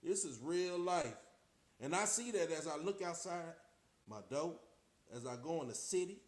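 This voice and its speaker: A man's voice: a little high, expressive, moderate pace. Streetwise middle-aged Texan man musing aloud. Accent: Texas. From Austin, Texas. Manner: preachy, rhetorical questions, streetwise slang. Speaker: vlogger. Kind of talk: casual talking to camera. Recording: roomy echo.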